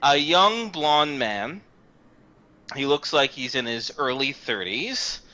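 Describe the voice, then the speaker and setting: A man's voice: mid-range voice, expressive, slow, pushed and bright. A man narrating a tabletop game as game master, loose and rambling with many fillers. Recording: dull lo-fi game recording.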